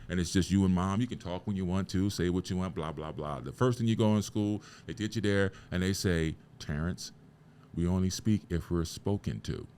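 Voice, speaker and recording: A podcast host delivers an emphatic, preachy motivational talk, loaded with rhetorical questions and casual swearing. He speaks in a low, slightly mellow voice.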